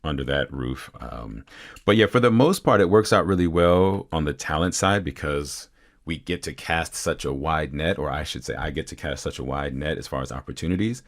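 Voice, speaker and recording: A male voice actor chats as a podcast guest in an extremely low, rumbling voice. He is casual and self-deprecating, and his sentences wander with plenty of fillers. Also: lively intonation, moderate pace.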